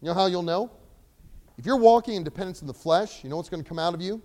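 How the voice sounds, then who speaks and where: A young man preaching a sermon, animated, swinging between loud emphasis and quiet asides. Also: sits high, fast talker. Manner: acts out voices of characters in the sermon.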